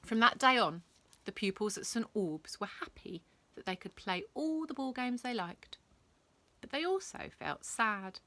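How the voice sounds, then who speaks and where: Female storyteller, bedtime reading, slow, lively and playful with whispered asides. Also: on the high side. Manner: animated, acting out sound effects, dropping to whispers.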